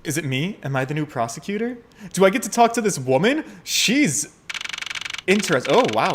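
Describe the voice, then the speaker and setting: A man's voice: sits high, very animated, moderate pace, a little hiss or hum. A man giving casual, joking commentary while playing a game, swearing freely and talking to viewers. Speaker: let's play host.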